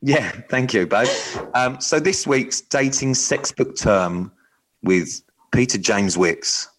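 A man co-hosting a radio dating show, bantering and teasing his co-host in a deadpan, joking way. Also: medium pitch, slow, slight background noise. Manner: teasing, deadpan jokes with bursts of silly singing. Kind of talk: playful banter.

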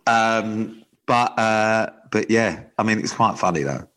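A lowish male voice in loose, rambling podcast chat. He swears often, restarts his sentences and circles back to his points. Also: slow, fairly bright tone, slight background noise. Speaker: podcast co-host. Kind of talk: casual chat.

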